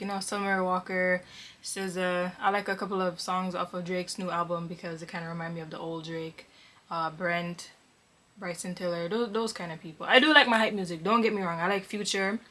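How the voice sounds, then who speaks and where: A young woman from Connecticut, chatting casually as she answers viewer questions for her vlog, relaxed and filled with ums. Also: fairly low pitch. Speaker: vlogger. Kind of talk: casual Q&A chat.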